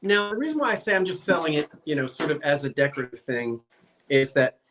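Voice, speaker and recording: Higher-voiced man co-hosting a sale. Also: sing-song, fast talker, a bit bright, soft background music. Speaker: co-host. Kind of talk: live online sale.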